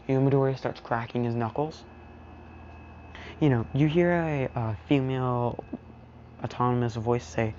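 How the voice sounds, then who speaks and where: A man's voice: mid-range voice, normal speed, pauses often, dark tone, lo-fi sound, slight background noise. A man casually narrating an improvised fan story, rambling with lots of fillers.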